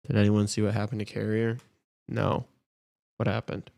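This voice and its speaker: A young man co-hosting a live show, chatting loosely and breaking into sudden excited outbursts. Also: fairly low pitch, moderate pace, creaky, no echo. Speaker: podcast co-host. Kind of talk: casual live game-watch chat.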